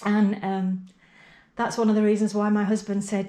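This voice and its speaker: A woman's voice: medium pitch, little pitch movement, unhurried, roomy sound. A middle-aged woman, chatting casually in her home pottery studio while feeling unwell and tired. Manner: chatty, rambling, softly emotional. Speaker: pottery vlogger. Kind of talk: casual vlog talk to camera.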